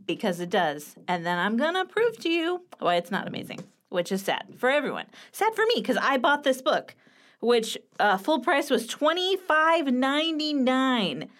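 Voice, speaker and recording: A woman in her thirties hosting a casual writing show, chatty and playful, with quick asides, recorded at home. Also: sits high, very animated. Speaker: writing coach and podcast host. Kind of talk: casual chat with book critique. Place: home room with a clicking heater.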